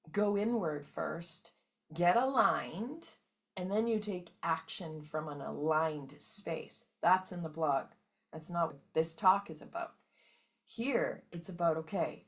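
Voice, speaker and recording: Low gravelly woman giving a wellness talk. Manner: emphatic, checks in often with okay and right. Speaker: wellness coach and host.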